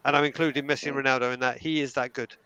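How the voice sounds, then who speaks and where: A young man telling animated stories as a fan on a live stream, with frequent hesitant restarts. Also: mid-range voice, racing, clean tone, no room sound, lo-fi sound. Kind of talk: casual storytelling.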